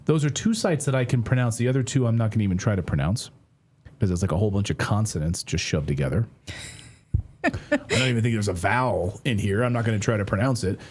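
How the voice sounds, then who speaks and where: A man's voice: lowish voice, expressive, fast talker, darkish tone, slightly rough. A middle-aged man hosting a news commentary show, talking to camera in a conversational way, correcting himself and dropping wry asides.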